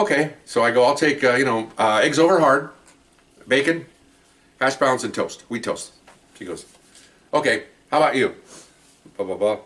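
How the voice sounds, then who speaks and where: A man hosting a podcast, telling a story in a casual, rambling, animated way and laughing as he goes. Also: fairly low pitch, distant mic. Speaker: podcast host telling cop stories.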